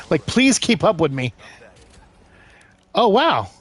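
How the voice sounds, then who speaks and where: A man giving casual let's-play commentary, exclaiming loudly as he plays. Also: sits high, slow, breathy edge. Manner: excitable, loud bursts of exclaiming while playing. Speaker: gaming streamer.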